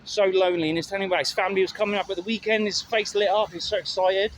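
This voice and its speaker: A man's voice: sits high, fairly even intonation, very fast. Rambling man vlogging outdoors by traffic. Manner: rambling, candid, swears casually. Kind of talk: casual storytelling vlog. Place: outdoors by a road with passing traffic. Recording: outdoor phone recording with faint traffic. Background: faint traffic and street sounds.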